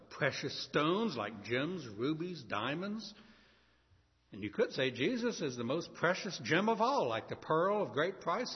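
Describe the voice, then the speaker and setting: A man's voice: mid-range voice, breathy edge. A man preaching a sermon to a congregation, telling a story and acting out its characters' voices. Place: church. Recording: lo-fi church hall with long reverb.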